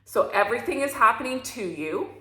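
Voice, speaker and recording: A woman's voice: fairly high pitch, lively intonation, fairly quick, sharp tone, echoey room. A woman coaching listeners in a motivational talk, emphatic and preachy, with free swearing. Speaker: spiritual coach.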